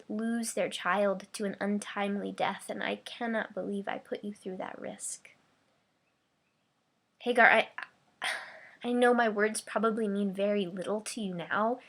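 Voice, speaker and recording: A woman preacher giving a dramatic first-person monologue as a grieving, remorseful ancient mother, her delivery swinging between hushed whispers and cries. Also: mid-range voice.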